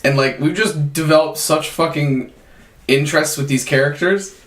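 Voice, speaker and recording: A young man recounts a story among friends on a casual podcast. His voice sits a little high, and he tells it with animated energy and plenty of swearing. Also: moderate pace, reverberant. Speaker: podcast co-host.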